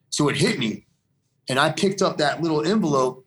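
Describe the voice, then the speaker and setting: A man's voice: on the high side, lively intonation, fast talker, a bit bright. A man giving a personal faith testimony as an interview guest, earnest and rambling, repeating phrases for emphasis.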